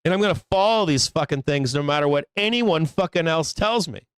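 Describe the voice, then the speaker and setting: A man's voice: a little high, expressive, brisk, a bit bright, clean tone, no room sound. A man hosting a live stock market show, talking bluntly and emphatically with lots of swearing in a rambling, casual way. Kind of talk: casual live trading commentary.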